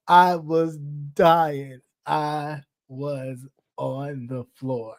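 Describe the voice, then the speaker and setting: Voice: mid-range voice, flat delivery, drawn-out words, no room sound. An online commentator giving casual gossip commentary, blunt, profane and teasing, with frequent laughter.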